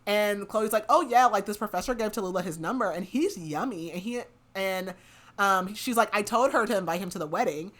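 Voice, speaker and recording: A woman's voice: mid-range voice, brisk. A woman podcast host casually recapping a book's plot, half-acting the characters' lines and saying "like" a lot. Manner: animated retelling with lots of "like", half-acting the quotes.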